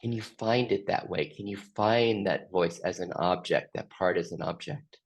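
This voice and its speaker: A man facilitating a group session, gently asking slow, open questions. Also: sits low. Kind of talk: guided group reflection.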